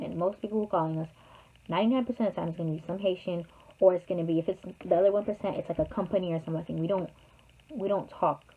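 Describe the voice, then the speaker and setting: Young woman vlogger, quick chatty storyteller, slightly husky, lo-fi phone-like audio. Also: on the low side. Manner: chatty, animated, jokey asides. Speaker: YouTuber. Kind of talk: casual storytime vlog. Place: her bedroom at home. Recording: tinny phone-like sound.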